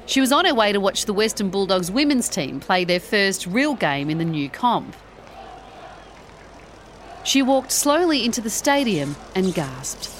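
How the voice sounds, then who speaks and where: A woman hosting and narrating a story podcast with expressive delivery. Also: medium pitch, a little hiss or hum. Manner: expressive, rising with excitement. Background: background music.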